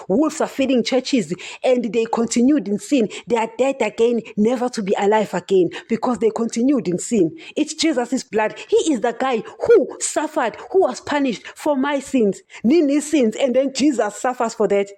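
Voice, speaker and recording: Woman preacher, podcast sermon, fervent and emphatic, fairly high voice, warm mellow tone. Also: normal speed, hardly any pauses, slightly rough. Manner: impassioned, emphatic, keeps addressing listeners as "guys".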